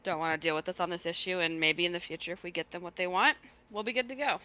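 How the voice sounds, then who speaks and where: A woman's voice: fairly low pitch, fast talker, sharp tone. A woman playing a tabletop game, describing her character's actions. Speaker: player. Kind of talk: casual game chat.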